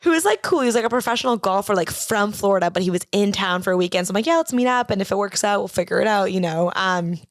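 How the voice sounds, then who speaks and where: A young woman comedian telling a story on a podcast, chatty and rambling, full of "like" and acted-out quotes. Her voice sits at an ordinary middle pitch. It is recorded dry and close, with no room sound. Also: animated, fast, hardly any pauses, no room sound. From Boston area. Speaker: stand-up comedian, podcast guest. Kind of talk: casual chat, storytelling.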